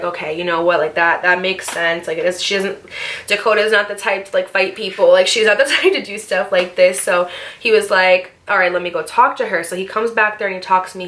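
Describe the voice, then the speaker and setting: In a casual storytime, a young woman vlogger speaks animatedly in a mid-range voice. She swears as she acts out the other people in her story.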